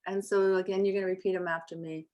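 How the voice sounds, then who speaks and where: A woman leading a Reiki meditation circle over a video call, talking gently and hesitantly with many fillers, then reciting principles slowly and calmly. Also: on the low side, lo-fi sound. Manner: slow, calm recitation.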